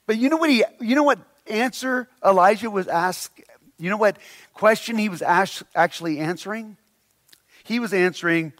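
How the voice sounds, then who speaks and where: High-voiced, animated man preaching. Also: normal speed. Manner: animated, humorous, acts out voices of people. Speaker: pastor. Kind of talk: sermon.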